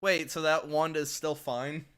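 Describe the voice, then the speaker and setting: Bright, laughing podcast man. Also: on the high side, little pitch movement, normal speed, clean tone. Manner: laughs often, incredulous, swears. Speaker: podcast co-host. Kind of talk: casual chat.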